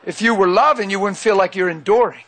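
A man's voice: high voice, fast, fairly bright tone. A man preaching a sermon into a handheld mic, emphatic and repeating phrases for weight.

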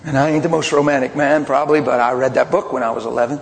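A man preaching a sermon, mixing loud outbursts with hushed personal confessions as he tells a story. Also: medium pitch, fairly even intonation, racing, vocal fry. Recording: long hall reverb, faint ambience.

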